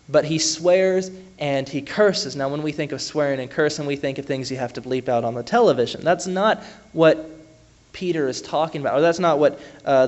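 Preaching in a conversational style, a man with a high-leaning, darkish voice frequently stops for fillers and begins his sentences over. The sound quality is lo-fi.

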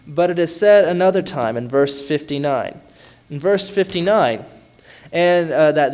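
A man preaching a conversational sermon, often pausing with fillers and restarting his sentences. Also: a little high, darkish tone.

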